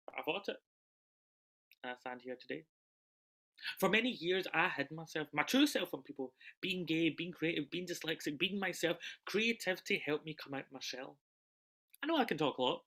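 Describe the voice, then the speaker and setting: Bright-voiced young man in an emotional monologue. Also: on the high side. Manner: emotional, swinging between loud bursts and hushed lines. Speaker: solo performer. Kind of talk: autobiographical stage monologue. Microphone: video call.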